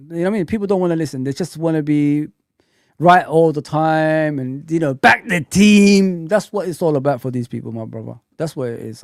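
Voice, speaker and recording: Animated man hosting a football live stream. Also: a little high, no echo, clean studio sound. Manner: animated, repetitive, talks straight to viewers.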